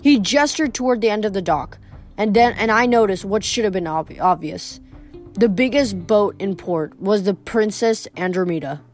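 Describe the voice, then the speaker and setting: A woman reading a novel aloud in steady narration, with occasional small slips. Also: medium pitch, normal speed, soft background music. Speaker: reader.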